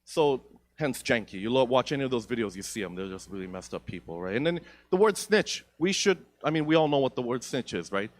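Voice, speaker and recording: A young man working through a stand-up set on a theatre stage, swearing freely and rambling with self-mocking asides. His pitch sits in the middle, and he speaks into a handheld mic. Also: expressive, brisk. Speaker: stand-up comedian. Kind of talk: stand-up comedy.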